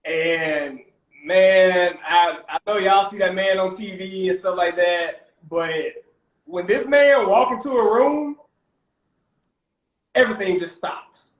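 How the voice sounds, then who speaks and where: Young male chef guest, lively slangy storyteller, higher-pitched voice, roomy echo on the mic. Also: slow. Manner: animated, peppers talk with "man" and "bro". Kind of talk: casual storytelling.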